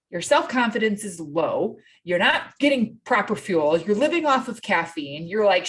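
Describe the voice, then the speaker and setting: Animated woman fitness coach. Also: mid-range voice. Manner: animated storytelling, acts out quotes. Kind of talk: casual podcast interview.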